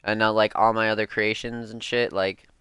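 A man's voice: fairly low pitch, flat delivery, normal speed, sharp tone, clean tone, no room sound, studio quality. A young man hosting a music podcast, ranting casually and heatedly, swearing a lot and filling his talk with "like" and "bro". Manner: profane, heated, slangy, lots of "like" and "bro". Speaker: podcast host. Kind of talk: casual rant.

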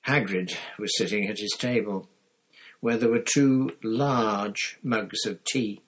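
A man reading a novel aloud in steady storytelling, with the odd slip. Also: fairly low pitch, takes it slowly, husky, low-quality recording. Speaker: audiobook reader.

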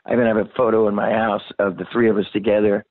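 Rock singer, man, 60s, low voice, rambling, profane storyteller, dry phone-quality audio. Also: level tone, quick pace, dry recording. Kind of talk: casual storytelling interview. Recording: dry, phone-like narrow sound.

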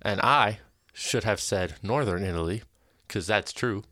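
A man's voice: fairly low pitch, a little slow, sharp tone, no echo. Young man, podcast co-host, laughs through his stories, says "like" a lot, dry close mic. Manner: laughs often while telling stories, uses "like" a lot. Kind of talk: casual storytelling chat.

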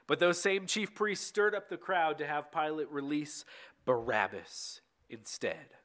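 A man reads a bible passage aloud, steady and unhurried, now and then stumbling over a word and restarting. His voice sits a little on the high side. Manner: steady reading with occasional slips and restarts. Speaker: scripture reader.

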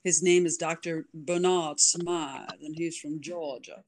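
A woman author chatting as an interview guest, animated and full of ums. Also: low-pitched, slow pace. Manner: animated, many ums, demonstrates voices. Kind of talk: casual interview chat.

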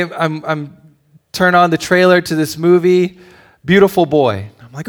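A pastor with a slightly higher-pitched male voice delivers a sermon. He moves between animated storytelling and hushed, almost whispered reflection. He speaks as a father addressing a congregation. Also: moderate pace. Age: adult with children. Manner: animated storytelling, drops to a near whisper at tender points.

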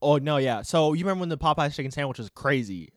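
A young man co-hosting a podcast in casual chat, excitable and quick to laugh. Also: on the high side, dry recording, studio quality. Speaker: podcast co-host.

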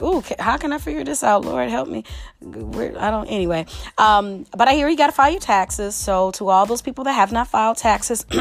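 Animated woman podcasting. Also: medium pitch. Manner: animated, exclamatory, chatty. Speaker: podcast host. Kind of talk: casual solo podcast commentary.

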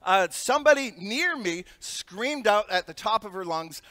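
High, bright-voiced man preaching. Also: lively intonation, moderate pace, hardly any pauses, long reverb tail. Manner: storytelling with humor and laughs. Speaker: pastor. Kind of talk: sermon.

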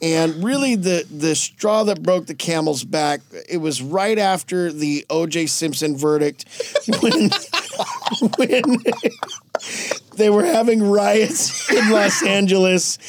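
High-voiced man telling crude comedy stories. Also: measured pace, a little hiss or hum. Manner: animated, acts out characters mid-story; swears freely, laughs at own jokes. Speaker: podcast co-host. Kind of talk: comedic storytelling chat.

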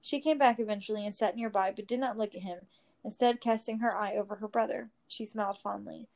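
A woman reading a fantasy story aloud in a steady, expressive storytelling manner. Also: mid-range voice, brisk, creaky. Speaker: story reader. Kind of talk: reading fan fiction aloud.

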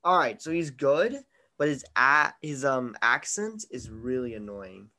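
A man's voice: mid-range voice, lively intonation, measured pace, bright, forceful tone. Opinionated man reviewing films. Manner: opinionated, teasing, mock-exasperated. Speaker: podcast host. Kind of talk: casual movie review chat.

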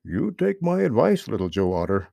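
A man's voice: lowish voice, sing-song, vocal fry, dark tone, no echo, exaggerated voice. A man voicing a very old, wise male frog who speaks mildly and patiently in a storybook reading. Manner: mild, slow, sly.

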